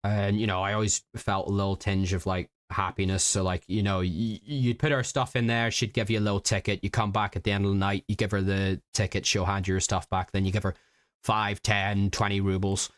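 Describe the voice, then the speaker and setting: A man's voice: lowish voice, level tone, a little fast, dry recording, studio quality. A man from Britain telling stories in a casual stream. He rambles and halts, with many fillers and restarts. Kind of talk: casual storytelling chat.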